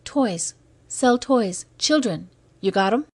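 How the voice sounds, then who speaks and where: A woman's voice: a little high, expressive, slow, dry recording, voice pushed up, exaggerated voice. A woman reading the lines of a frightened little furred alien peddler, male, who speaks in broken, clipped phrases. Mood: scared.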